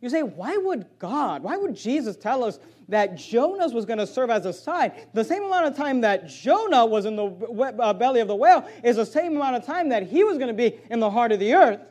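A man preaching a sermon, reading scripture aloud with loud swells and sudden drops. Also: very high voice, sing-song, brisk, few pauses. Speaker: pastor.

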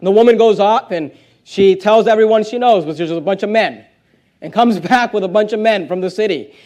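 High-voiced preacher man, emphatic. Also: brisk. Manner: emphatic, rising to loud stresses, reading scripture aloud; plain conversational asides between readings. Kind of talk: sermon.

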